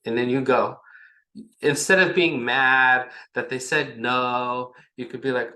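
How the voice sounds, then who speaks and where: A man's voice: medium pitch, a little slow, pushed and bright. A man as a podcast guest, talking loosely and rambling, acting out little bits of dialogue between himself and his partner. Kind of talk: casual conversation. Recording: echoey room.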